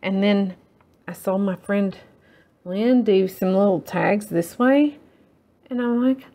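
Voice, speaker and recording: Chatty woman with a gravelly edge. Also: mid-range voice, takes it slowly, long pauses, warm tone. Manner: rambling, self-deprecating, talks while working. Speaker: crafting tutorial host. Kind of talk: casual chatty crafting tutorial.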